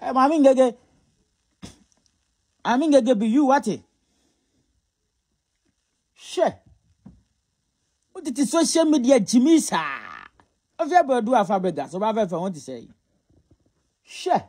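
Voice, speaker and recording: A man's voice: very high voice, big pitch swings, measured pace, long pauses, darkish tone, husky. A Ghanaian man giving casual gossip commentary, mocking and scolding as he mixes Twi and English. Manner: scolding, mocking, often laughing.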